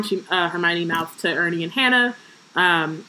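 A woman's voice: lowish voice, steady tone, moderate pace, sharp tone, poor audio. A woman co-hosting a casual book-club podcast, reading passages aloud and breaking off into joking asides with plenty of fillers.

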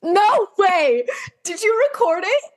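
A woman's voice: very high-pitched, big pitch swings, takes it slowly. A woman co-hosting a podcast in casual chat, laughing often and reacting with surprise. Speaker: podcast co-host.

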